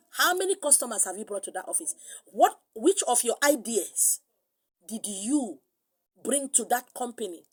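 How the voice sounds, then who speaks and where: A middle-aged woman with a Nigerian accent preaching a sermon, animated, slipping into pidgin and acting out other voices. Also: fairly high pitch, moderate pace, slightly rough. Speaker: spiritual teacher.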